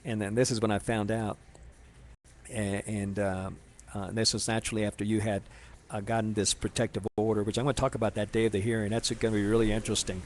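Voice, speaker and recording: A man telling a personal story in a rambling, halting way, full of restarts and fillers, speaking to someone he addresses directly. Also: on the low side, little pitch movement, a little hiss or hum.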